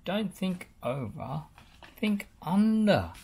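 An eager, helpful talking digger from a children's book, as a woman reads him aloud. The voice is low and mellow with a soft, breathy edge. He chugs along slowly, with a lively rise and fall. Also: heavily acted. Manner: upbeat, chugging storybook voice.

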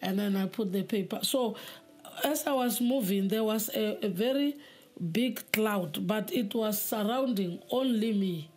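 A woman giving a spoken testimony in an earnest, halting way, often repeating words. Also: mid-range voice, a little mellow. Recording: faint music behind.

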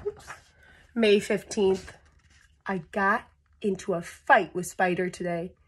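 Woman storyteller for a kids' picture book: slow, breathy, playful with sound effects. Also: mid-range voice, steady tone. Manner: chats to young listeners between pages. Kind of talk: children's read-aloud storytime.

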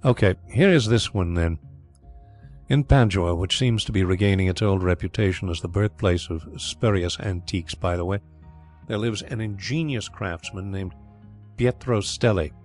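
A man voicing a calm, dryly ironic gentleman detective in an audiobook, speaking in a measured way. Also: low voice, faint music behind, lightly acted. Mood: reflective.

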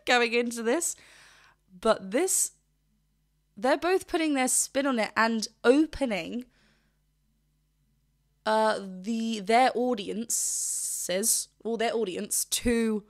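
Vocal coach, woman, somewhat high voice; chatty, rambling reaction talk with quick self-corrections. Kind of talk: casual reaction commentary.

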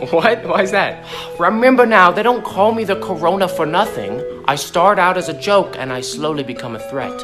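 A man voicing several characters in a comedy skit, switching from calm banter to panicked yelling. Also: high voice, moderate pace. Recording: loud background music.

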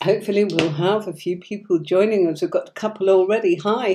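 A woman with a cold and a hoarse voice, hosting a live tarot stream and chatting affectionately while she sorts out the software. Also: medium pitch, a little fast, hardly any pauses.

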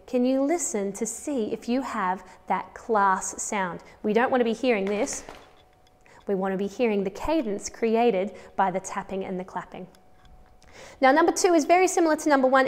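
A woman's voice: on the high side, darkish tone, big-room sound. A woman with an Australian accent teaching a children's music lesson, counting patterns aloud and encouraging the class.

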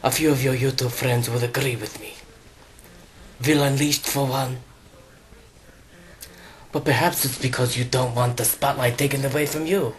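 A man's voice: mid-range voice, steady tone, normal speed, pauses often, slight background noise, lightly acted. A man voicing a self-important fairy godmother woman who scolds in a formal tone. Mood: scolding.

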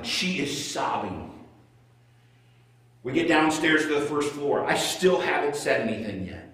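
A middle-aged male pastor preaching a sermon as a conversational story, swinging between loud and hushed. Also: a little high, animated, a little slow, pauses often. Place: church sanctuary. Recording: echoey church room, voice from far off.

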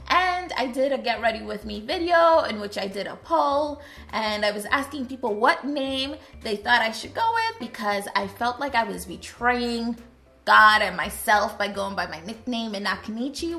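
A woman from Trinidad and Tobago chatting casually to her viewers in a vlog, animated and lively. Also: fairly high pitch. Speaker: YouTuber. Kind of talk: casual vlog chat to camera.

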